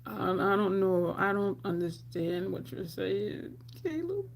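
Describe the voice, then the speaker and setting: A middle-aged woman telling personal stories casually on a live stream. She is animated, laughs often, and acts out her own lines. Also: mid-range voice, measured pace, gravelly, a little hiss or hum. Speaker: livestream storyteller.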